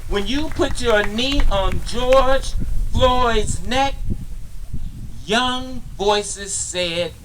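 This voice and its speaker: A man performing a spoken word poem at an outdoor park gathering, rhythmic and impassioned, rising at times to shouts. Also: extremely high pitch, extremely slow, slight background noise, poor audio.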